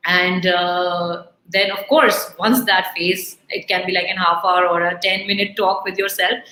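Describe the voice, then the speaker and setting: Earnest woman speaker, bright voice. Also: fairly low pitch, fairly even intonation, roomy sound, low-quality recording. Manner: earnest, halting with many fillers and restarts. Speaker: guest speaker. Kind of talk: live online talk answering questions. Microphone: online video call.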